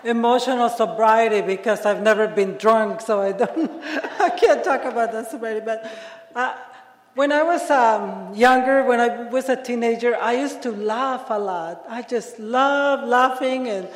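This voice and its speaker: A woman with a fairly high voice speaks a little slowly as a panelist at a conference, sharing a personal recovery story. She laughs often and restarts her sentences, and the large hall gives the recording an echo.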